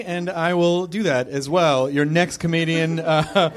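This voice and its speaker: A man's voice: a little high, lively intonation, normal speed. A man hosting a comedy show, introducing acts with rambling, self-aware asides. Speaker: show host. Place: comedy club stage.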